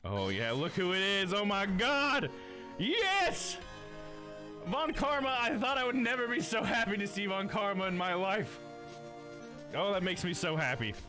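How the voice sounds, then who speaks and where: A man streaming a game live, commenting in an excitable, profane way and giggling often. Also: high-pitched, a little slow, over music.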